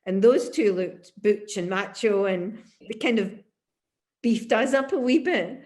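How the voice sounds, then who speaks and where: A Scottish woman in her fifties, a musician looking back on her life in an oral history interview, telling lively stories and laughing often. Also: mid-range voice, a little slow. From Glasgow, Scotland. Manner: animated storyteller, laughs often.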